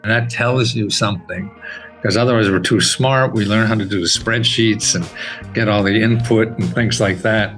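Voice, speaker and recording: An older man talking as a podcast guest, animated and laughing often, with his voice jumping high when he gets excited. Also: normal speed, faint music behind, poor audio. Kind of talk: casual interview talk.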